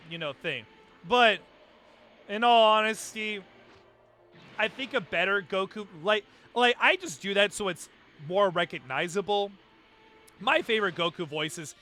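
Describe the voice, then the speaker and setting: A man's voice: high voice, pushed and bright, a little hiss or hum. A man streaming live, chatting casually and rambling about doing character voices. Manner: chatty, rambling with many fillers and restarts. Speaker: livestreamer.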